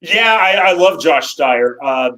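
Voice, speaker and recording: A man's voice: a little high, animated, slow, pushed and bright, low-quality recording. A man who commentates fights, speaking as a guest in a casual interview, emphatic and articulate.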